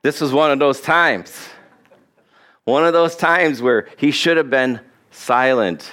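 A man's voice: mid-range voice, fairly bright tone, clear, resonant tone. A male pastor giving a conversational sermon, acting out the lines he quotes and chuckling as he goes.

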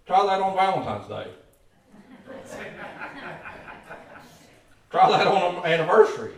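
Male preacher, higher pitch, folksy storyteller, heavy hall echo, distant mic. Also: big pitch swings, slow pace, long pauses. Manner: folksy storytelling with emphatic calls to the congregation. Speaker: pastor. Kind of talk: sermon.

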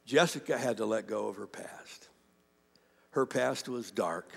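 A pastor preaching a sermon, retelling a woman's testimony with animated emphasis and fervent questions to the congregation. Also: fairly low pitch, measured pace, vocal fry, breathy edge, long reverb tail. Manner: animated storytelling, quoting a woman's testimony, rising to fervent appeals.

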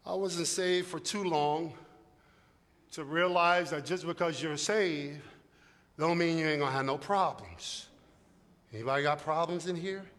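A middle-aged man preaching a sermon in a humorous, conversational way, now and then shouting for emphasis. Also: a little high, a little slow, long pauses. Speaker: pastor. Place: church hall. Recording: long echo of a large hall.

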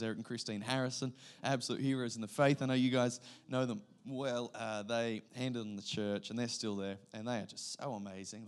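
An Australian man in his thirties, a guest pastor giving a sermon with lively storytelling and sudden loud bursts. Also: lowish voice, clear, resonant tone.

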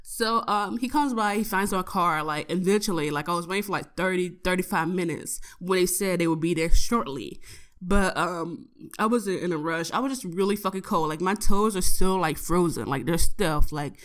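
A young woman, a college student, tells a profane story about her day in a casual audio diary, animated and laughing as she goes. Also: on the low side, moderate pace. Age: young adult.

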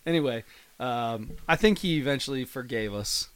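A young man in casual chat, telling animated stories and laughing often. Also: mid-range voice, normal speed, noisy background.

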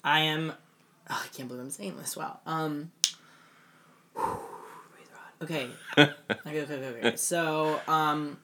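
A young man co-hosting a podcast in casual chat, animated and self-mocking, with lots of fillers. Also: a little high, unhurried, long pauses, slight background noise. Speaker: podcast co-host.

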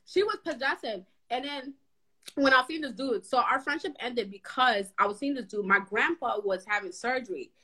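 Animated bright-voiced young woman. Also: fairly high pitch, normal speed, low-quality recording. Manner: animated storytelling, acting out quotes. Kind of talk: casual chat.

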